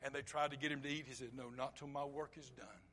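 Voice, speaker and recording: A man preaching a sermon, swinging from loud emphatic lines to quiet low asides and acting out short bits of dialogue. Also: fairly even intonation, fast talker, a little hiss or hum. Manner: acts out short quoted dialogue.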